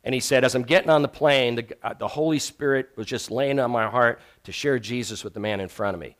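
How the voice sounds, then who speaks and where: A man's voice: medium pitch, brisk. Earnest man preaching on evangelism. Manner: earnest, storytelling preacher who drops to a hush for emphasis. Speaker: evangelism teacher. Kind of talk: sermon on sharing faith.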